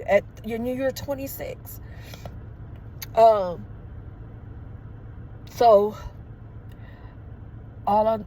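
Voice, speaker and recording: A woman's voice: medium pitch, darkish tone, a little hiss or hum. Emotional woman telling a personal story. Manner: emotional, conversational, addresses viewers as y'all. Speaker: vlogger. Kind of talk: storytelling to camera.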